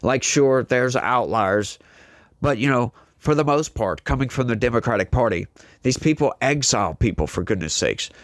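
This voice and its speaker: A man hosts a political commentary show and talks straight to his listeners in an emphatic, sermonizing way. His voice sits at an ordinary middle pitch for a man. The recording is close and dry, with no room sound. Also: expressive, normal speed, no echo. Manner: emphatic, preachy, talks straight to the audience with "folks" and "y'all". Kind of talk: opinionated political commentary monologue.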